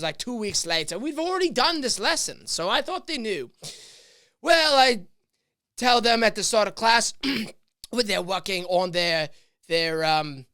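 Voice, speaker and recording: A man who works as a teacher, chatting casually as a podcast guest and telling a classroom story with lots of acted-out voices. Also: high-pitched. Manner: animated storyteller, acts out voices. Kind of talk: casual chat.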